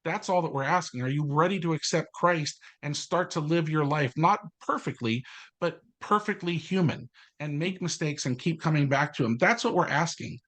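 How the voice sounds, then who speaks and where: A man co-hosting a faith podcast, talking passionately and fast with storytelling asides. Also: fairly high pitch, fairly bright tone. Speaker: co-host, confirmation teacher. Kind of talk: casual podcast chat.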